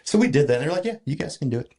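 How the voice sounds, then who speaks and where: Lively man telling a story. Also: a little high, rapid-fire, vocal fry, breathy edge. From Georgia, US. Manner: animated, filler-heavy retelling with many restarts. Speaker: podcast guest. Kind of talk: casual storytelling.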